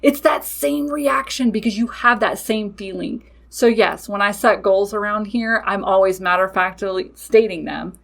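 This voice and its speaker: A woman's voice: mid-range voice, moderate pace, gravelly, hardly any pauses, fairly bright tone. Blunt, matter-of-fact woman podcast host. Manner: blunt, matter-of-fact, laughs and swears freely. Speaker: podcast host and witchcraft business owner. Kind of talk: casual podcast monologue.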